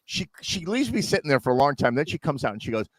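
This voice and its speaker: Man, middle-aged, casual storyteller, animated, dry close sound. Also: medium pitch, quick pace, no room sound. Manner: animated storyteller, acts out others' voices.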